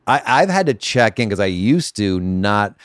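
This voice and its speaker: A man's voice: lowish voice, very animated, normal speed, clean tone, no echo. A man guesting on a podcast in a casual chat, talking in a dry, wry, self-deprecating way.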